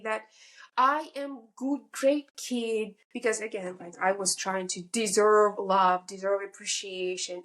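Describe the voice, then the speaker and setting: Podcast guest, woman, 30s, slightly high voice, candid and emotional, halting phrasing. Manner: emotional, halting, restarts sentences. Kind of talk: candid interview storytelling.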